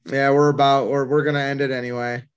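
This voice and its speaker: A man's voice: medium pitch, little pitch movement, quick pace, clean tone. A man hosting a podcast in casual chat, laughing easily and wrapping up the episode. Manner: laughs easily, wraps up the show. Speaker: podcast host.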